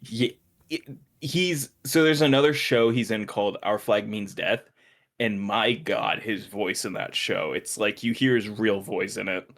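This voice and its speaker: A man co-hosting a podcast in casual banter, excitable and swearing freely. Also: fairly low pitch, measured pace. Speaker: podcast co-host. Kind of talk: casual chat.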